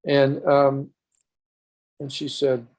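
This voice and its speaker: A man's voice: mid-range voice, completely flat delivery, very slow, darkish tone. An older man, a podcast guest, recounting a personal story earnestly in a rambling way with restarts.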